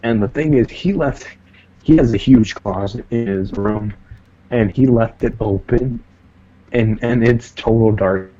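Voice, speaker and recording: A man co-hosting a podcast, telling a story in a casual, profane, animated way and acting out the voices of the people in it. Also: mid-range voice, a little slow, muffled recording. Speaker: podcast co-host.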